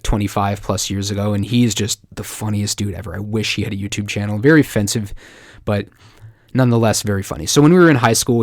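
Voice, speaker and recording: A man from Canada hosting a casual marketing tutorial, chatty and excitable, breaking into jokes and acted-out quotes. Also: on the low side, no echo, studio quality. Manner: chatty, excitable, joking asides, acts out quoted voices. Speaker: marketing video host. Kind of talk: casual talking-head tutorial.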